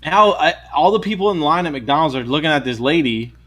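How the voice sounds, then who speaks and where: A man's voice: a little high, a little fast. Man telling a rowdy story. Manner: animated, swears a lot, acts out voices when retelling. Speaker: podcast co-host. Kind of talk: casual storytelling chat.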